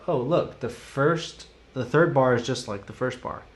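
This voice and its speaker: A man with a mid-range voice speaks a little slowly while teaching drums on a live stream. He walks through each rhythm by chanting its sticking in syllables, encouraging viewers casually and chatting with them.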